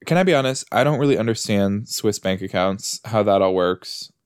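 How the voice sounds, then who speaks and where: A podcast host with a fairly low, clear and resonant male voice speaks at normal speed with lively intonation. Watching a TV episode, he chats, cracks jokes and talks back to the screen. The recording is studio quality with no echo.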